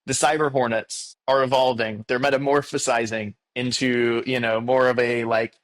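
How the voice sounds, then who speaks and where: A man being interviewed at a conference, talking in a loose, animated way with many fillers and restarts. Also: mid-range voice, normal speed. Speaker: guest. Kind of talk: conversational interview. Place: conference venue.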